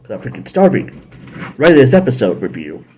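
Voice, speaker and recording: A man hosting a casual episode review, rambling and correcting himself, now and then jumping into high acted voices. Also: very animated, brisk, dark tone, slight background noise. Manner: rambling, self-correcting, jumps into high-pitched character voices. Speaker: show host reviewing episodes.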